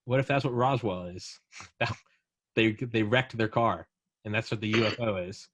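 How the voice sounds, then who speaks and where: A man's voice: fairly low pitch, moderate pace, fairly bright tone, no echo. A young man hosting a casual podcast chat, rambling and swearing as he spins a story. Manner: rambling, profane, acts out drunk aliens in quotes. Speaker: podcast host.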